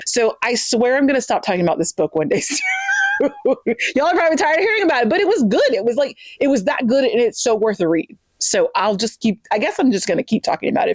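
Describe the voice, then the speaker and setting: A woman's voice: fairly high pitch, dry recording. A young woman chatting casually to camera about books, gushing and full of fillers. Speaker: book vlogger.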